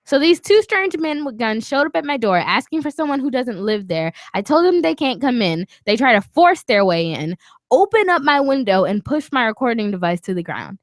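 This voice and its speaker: A woman co-hosting a podcast, telling a story in casual chat, animated and swearing, acting out what others said. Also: a little high, moderate pace, dry recording. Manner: animated, swearing, acts out quotes. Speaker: podcast co-host. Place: small podcast studio.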